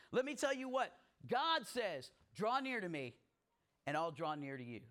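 A middle-aged male pastor delivers a sermon conversationally, dropping folksy asides and building to rising emphasis. His voice is high-pitched and fairly bright.

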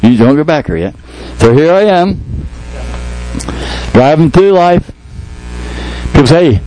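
Man preaching, lively jokey skit, swooping pitch, mellow tone, faint hum. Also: measured pace, pauses often, rough recording. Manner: animated, jokey, talks to congregation. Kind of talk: sermon with acted skit.

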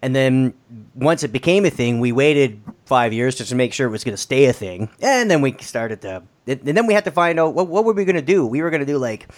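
A man's voice: mid-range voice, lively intonation, a little fast. A Canadian man co-hosting a podcast, explaining in a rambling, self-deprecating casual chat. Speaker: podcast co-host.

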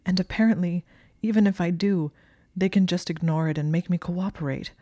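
A shaken, emotional young witch with a low, hushed, breathy voice, as a woman reading the story puts her on. The tone is dark and flat, and the recording is dry and close. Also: brisk, no room sound, close to an everyday voice. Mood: distressed.

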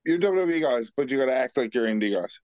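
A man's voice: mid-range voice, expressive, fast, a little mellow, no echo. A man co-hosting a casual podcast watchalong, stubborn and contrarian in debate. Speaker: podcast co-host. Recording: dull lo-fi mic.

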